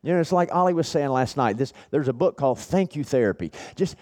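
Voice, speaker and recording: A man's voice: lively intonation, fast, few pauses, a little mellow. Earnest middle-aged man preaching. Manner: earnest, repetitive storytelling that drops low and then rises. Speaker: preacher at a men's retreat. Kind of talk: sermon.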